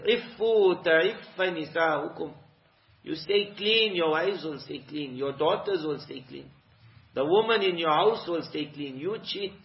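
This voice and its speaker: A man preaching a sermon in English, telling stories and reciting Arabic verses in an animated way, acting out what people say. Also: fairly high pitch. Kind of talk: sermon with anecdotes. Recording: echoey lo-fi lecture recording.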